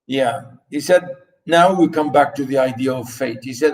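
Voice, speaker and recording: A man's voice: medium pitch, a little fast, a little mellow, poor audio. A man lecturing on a play, reading lines aloud and then paraphrasing them with fillers and repetitions. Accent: Arabic-speaking. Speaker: literature lecturer. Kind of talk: lecture explaining a play line by line.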